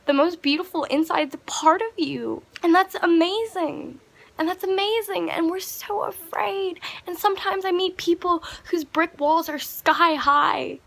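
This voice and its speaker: A woman's voice: sits high, a bit bright. A young woman vlogger talking straight to her camera in an earnest, impassioned monologue, swearing freely as she goes. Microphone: camera mic.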